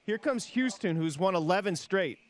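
A man hosting a sports show, tossing brisk, teasing questions to the panel. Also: sits high, lively intonation. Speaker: host.

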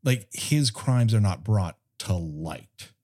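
A man's voice: fairly low pitch, expressive, slow pace, warm tone. A man co-hosting a casual film podcast, talking in a profane, sarcastic way. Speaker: podcast co-host.

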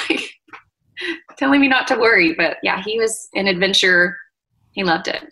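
Bright-voiced woman speaking tenderly. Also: mid-range voice, lively intonation, low-quality recording. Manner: soft-spoken, tender, reflective with pauses and fillers. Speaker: interview guest, mother. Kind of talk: emotional interview conversation.

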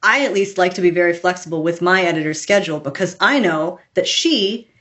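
A woman author telling stories in a casual interview, chatty and animated, acting out quotes as she goes. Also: fairly low pitch, a little fast. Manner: chatty, animated storytelling with laughs and acted quotes. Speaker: author, podcast guest.

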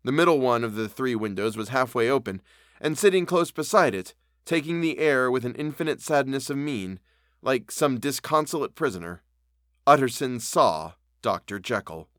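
Man, podcast story narrator, measured steady reading, middle pitch, dry close sound. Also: no room sound. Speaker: podcast reader.

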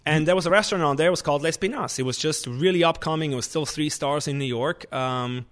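A man, a chef, telling stories in a lively conversational way, often restarting his sentences. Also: a little high, fast. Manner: animated, restarts often, acts out kitchen shouting. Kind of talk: conversational storytelling.

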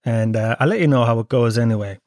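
Talking fast in a medium-pitched, slightly mellow voice, a young Irish host from Kerry rambles through his podcast despite a cold, swearing and making fun of himself. The studio-quality recording has no echo, and the tone is a casual comedic monologue.

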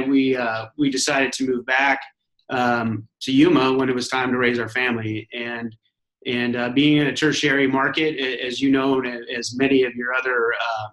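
Unhurried man from Arizona, echoey. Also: medium pitch, fairly bright tone. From Arizona, USA. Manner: unhurried, with frequent restarts. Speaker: guest, commercial real estate owner. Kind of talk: casual interview talk.

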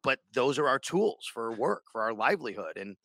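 A man's voice: mid-range voice, big pitch swings, normal speed, pushed and bright, no room sound. A man who hosts sports radio, chatting casually on a podcast in a rambling way with many restarts.

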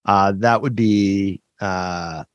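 A man co-hosting a casual podcast quiz, playful and halting, with many fillers and restarts. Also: low-pitched, no echo, highs cut off. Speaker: podcast co-host. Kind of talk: casual chat.

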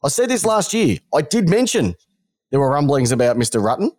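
A man's voice: on the high side, brisk. An Australian man co-hosting a podcast, bantering bluntly and mockingly about football. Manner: blunt, mocking, animated ranting. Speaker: podcast co-host. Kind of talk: casual sports banter.

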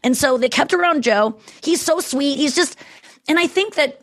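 Brief: woman, 30s, comic podcast guest, lively storyteller, fairly high voice, close dry mic. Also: dry recording. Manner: animated storyteller with quick asides. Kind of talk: casual chat.

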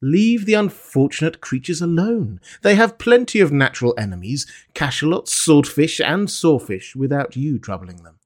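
A man's voice: on the high side, lively intonation, voice pushed up, close to an everyday voice. A man reading a stern sea captain. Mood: reproving. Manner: firm, reproving, measured. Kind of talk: audiobook character reading.

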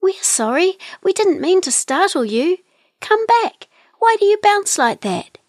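A woman voicing a chorus of excited small kiwi birds in a storybook, squeaky and giddy. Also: a little slow, no echo, clean studio sound, exaggerated voice.

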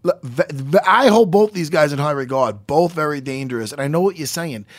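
A man hosting a casual talk show, animated and jokey, swearing freely. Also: a little high, moderate pace. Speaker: podcast host. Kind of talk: casual chat.

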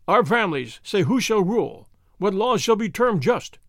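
A man voicing the proud leader of young noble horsemen, speaking sternly and forcefully. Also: high voice, big pitch swings, normal speed, no room sound, studio quality.

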